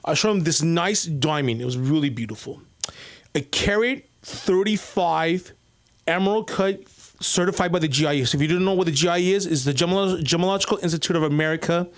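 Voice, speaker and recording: A man's voice: on the high side, fairly quick. Rambling man telling a stand-up story. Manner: rambling, many restarts and fillers. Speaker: open mic comic.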